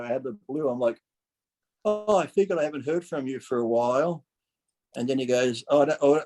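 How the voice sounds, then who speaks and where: A man's voice: mid-range voice, low-quality recording. A man in his forties, a podcast guest telling stories in casual chat, acting out what people said, swearing freely and laughing often. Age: 40s. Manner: animated, acts out quoted voices, swears freely, laughs often. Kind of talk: casual storytelling.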